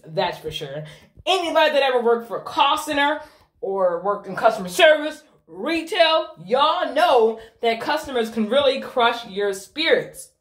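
Lively high-voiced young woman vlogging. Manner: chatty, swears freely. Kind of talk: casual chat to phone camera. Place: bathroom. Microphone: phone. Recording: echoey bathroom.

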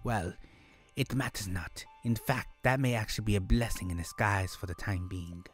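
A man voicing a solemn, formal old woman elder, reading her lines slowly with stumbles. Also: lowish voice, husky, soft background music. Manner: slow, stilted formal delivery with stumbles.

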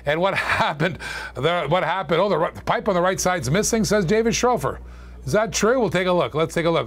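A man hosting a live-streamed toy car auction, calling bids in quick, chatty patter and joking with viewers. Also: high-pitched, lively intonation, fairly bright tone. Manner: chatty, joking, fast auction calls with laughs.

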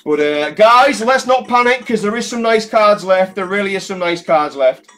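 A man's voice: high voice, animated, moderate pace, a bit bright. Chatty man calling everyone mate. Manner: chatty, calls everyone mate, swears casually. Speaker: live-stream card-pull host. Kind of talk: casual live-stream chat. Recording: faint music in the background.

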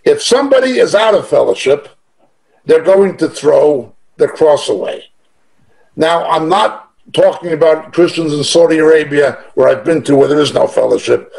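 A man delivers a sermon with a fairly high-pitched voice. He preaches emphatically but conversationally, leaning on personal testimony. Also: gravelly, a little mellow, rough recording.

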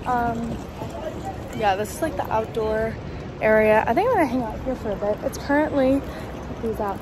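A young woman vlogging casually and excitably, full of fillers, talking into a handheld phone. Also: a little high, normal speed. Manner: chatty, excitable, lots of fillers. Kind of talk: casual travel vlog. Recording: noisy phone video outdoors.

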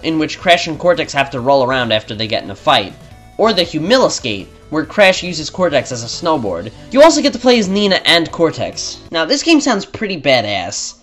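A man's voice: fairly high pitch, very animated, a little fast, a bit bright, faint music behind. A man narrating a scripted game review in a blunt, opinionated, sarcastic manner.

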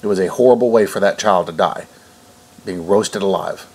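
A man's voice: low-pitched, normal speed, darkish tone. A man reading news stories aloud and breaking off to rebut them in an indignant, preachy way. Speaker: online commentator.

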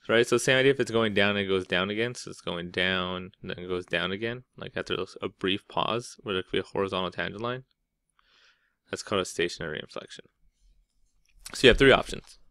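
Low-voiced casual math teacher, man. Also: a little fast, vocal fry, pauses often, a bit bright, no echo. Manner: casual, explains step by step with lots of "right?". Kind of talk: classroom lecture.

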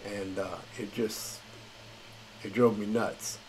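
A man's voice: fairly low pitch, steady tone, slow pace, a little mellow, a little hiss or hum, rough recording. A man hosting a gaming channel, reading patch notes in a tired, rambling, casual way. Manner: rambling, filler-heavy, chuckles at himself. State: tired late at night.

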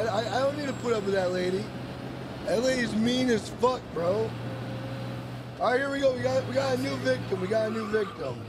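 A young man giving casual let's play commentary, profane, hot-tempered and rambling as he reacts to the game. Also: very high voice. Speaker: gaming streamer. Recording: steady background noise.

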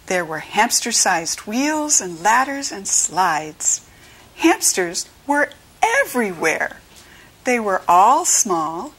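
This is storybook read-along narration by an American woman, slow, clear and instructive for children. She shifts to a brighter pitch whenever she quotes the kids.

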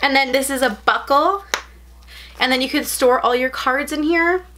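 A young adult woman chatting at home as she unboxes a package, gushing and gasping with excitement as she rambles on. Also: high voice, normal speed, a little hiss or hum. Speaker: unboxing vlogger.

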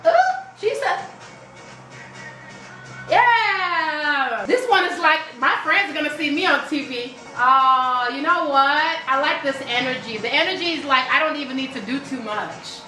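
A woman's voice: high-pitched, normal speed, sharp tone, roomy sound, faint music behind, poor audio. A woman hosting a live reaction video, chatty and exclamatory, singing along now and then.

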